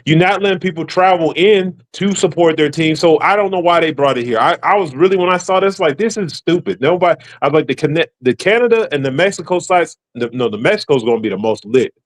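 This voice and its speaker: A man with a slightly high voice talks casually and rambles in relaxed slang. He tells his side of things with easygoing asides. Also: fast talker, few pauses. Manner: laid-back, rambling, slangy. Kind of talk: casual chat.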